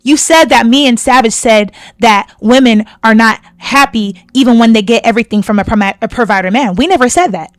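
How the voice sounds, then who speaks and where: Indignant higher-voiced woman host. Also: fairly quick, few pauses, no echo. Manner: confrontational, indignant, repeats points for emphasis. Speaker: reaction channel host. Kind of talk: heated reaction commentary.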